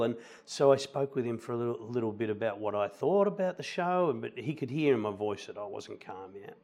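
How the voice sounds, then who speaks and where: A middle-aged man, a musical theatre actor chatting as a guest and telling animated anecdotes. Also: medium pitch, brisk, hardly any pauses. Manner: animated anecdotes, quotes people in lively voices. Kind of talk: relaxed storytelling conversation.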